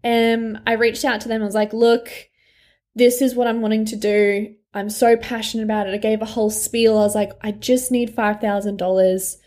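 A woman's voice: fairly high pitch, level tone, brisk, a little mellow. A young woman, a life coach talking candidly and frankly in a personal vlog, swearing freely and laughing often.

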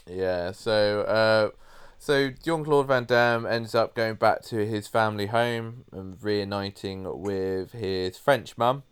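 A man's voice: lowish voice, steady tone, slow, clean tone. A man co-hosting a podcast, talking through a film in a laid-back way, laughing often and swearing freely. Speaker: podcast co-host. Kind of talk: casual film-review chat.

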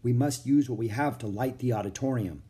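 A man reading a storybook aloud and voicing a calm, dignified older nun who speaks in a measured, solemn way. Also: mid-range voice, close to an everyday voice.

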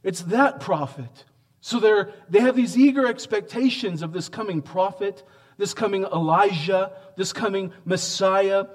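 A man preaching a sermon, asking rhetorical questions and swinging between hushed, slow lines and loud, emphatic peaks. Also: high-pitched. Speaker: pastor.

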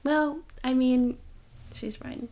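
A woman's voice: high voice, steady tone, mellow. A young woman co-hosting a podcast, chatting casually and giggling through her stories. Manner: chatty, giggly, quick asides. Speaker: podcast co-host. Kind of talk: casual chat.

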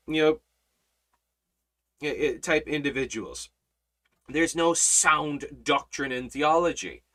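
A man teaching a Bible study in a preaching style, emphatic, repeating words and swinging between loud and soft. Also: medium pitch.

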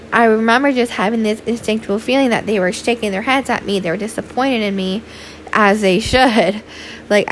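With slight background noise behind her, a young woman runs her casual podcast alone. She sounds sleepy, yawns, and speaks frankly in a rather high voice, peppering her talk with "like" and the odd swear word.

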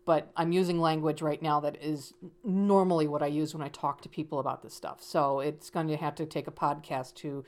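A woman's voice: low-pitched, a little mellow. A woman talking casually as a psychic medium, telling a story with frequent restarts and quoted dialogue.

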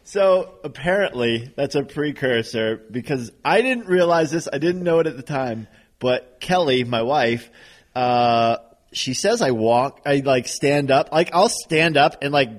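A man's voice: medium pitch, animated, measured pace. A man hosting a podcast, chatting casually and easily, with many "like" fillers. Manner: easygoing, filler-heavy with lots of "like". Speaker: podcast host. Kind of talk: casual chat.

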